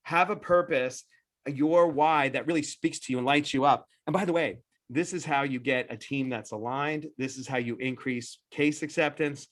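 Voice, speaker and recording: Persuasive, animated man pitching. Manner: talks in quick bursts with frequent restarts. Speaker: dental practice-growth consultant. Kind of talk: webinar presentation.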